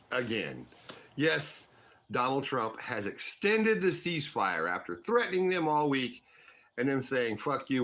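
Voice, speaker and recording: Bright mocking guy chatting loosely. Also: mid-range voice. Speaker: online commentator. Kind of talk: casual chat.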